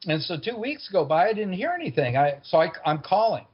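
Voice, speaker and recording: A man's voice: high voice, very animated, a little fast, slightly rough. A man telling a personal story in a wry, conversational way. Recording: dull lo-fi recording.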